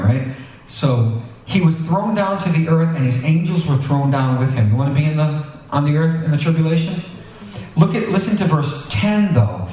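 Preacher booming in an echoey hall. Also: male voice, darkish tone, far from the mic. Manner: conversational, with asides to the congregation. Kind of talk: sermon with scripture reading. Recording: echoey hall, voice picked up from afar.

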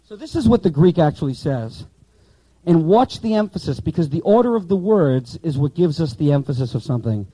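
A man's voice: fairly high pitch, expressive, moderate pace, warm tone, dry recording, low-quality recording. A man teaching the Bible to pastors in training, emphatic, repeating key words and quizzing the class while he writes on a board.

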